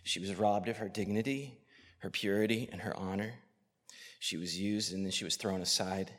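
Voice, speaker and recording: A man's voice: fairly low pitch, normal speed. Impassioned male preacher in a reverberant hall. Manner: impassioned, swinging from loud outrage to hushed near-whispers. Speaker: pastor. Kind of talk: sermon.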